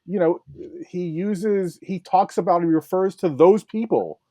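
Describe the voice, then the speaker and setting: A man's voice: sits high, unhurried, dark tone, no echo, studio quality. A male historian talking in a casual podcast discussion, thoughtful and hesitant with frequent fillers. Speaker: historian guest.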